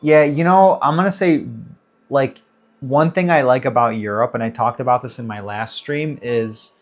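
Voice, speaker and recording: A man's voice: medium pitch, moderate pace. Chatty man hosting a livestream. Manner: loose and chatty, reading chat names with greetings. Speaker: livestream host. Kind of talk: casual livestream Q&A.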